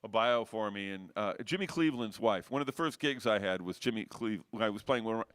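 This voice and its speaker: A man's voice: fairly low pitch, expressive, a little fast, fairly bright tone, dry recording. Middle-aged male musician guest, rambling anecdotes, dry close mic. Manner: rambling anecdotal storyteller with frequent restarts. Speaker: guest jazz saxophonist. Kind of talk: casual storytelling interview.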